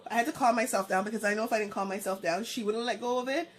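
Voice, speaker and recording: A young woman with a fairly high voice tells a storytime vlog straight to camera. She talks informally and lively, acting out what each person said. A faint hiss sits under her voice. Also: rapid-fire. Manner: animated, acts out the dialogue of the story. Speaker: vlogger.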